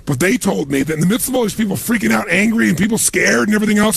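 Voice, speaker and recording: A man giving a motivational seminar talk to a live audience, telling stories with punchy, animated emphasis and a gravelly, raspy voice. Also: high voice, fast, few pauses. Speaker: motivational speaker.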